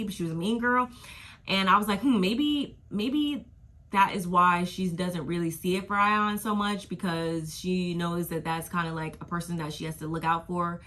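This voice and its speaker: A woman's voice: fairly low pitch, bright, forceful tone. A woman giving a casual, gossipy recap of a reality TV episode, full of slang and asides. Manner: gossipy, slangy, drifts into quoting people.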